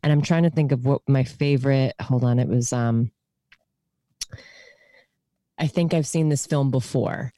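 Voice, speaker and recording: Halting woman with a very low voice. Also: mellow, no room sound, studio quality. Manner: halting, full of restarts and fillers. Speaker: podcast co-host. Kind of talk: casual chat.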